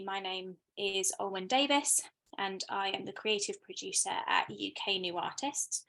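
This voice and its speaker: A woman's voice: mid-range voice, fairly bright tone. A British woman hosting an online artist talk over a video call, friendly and hesitant with frequent fillers. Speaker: host. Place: home room with bookshelves.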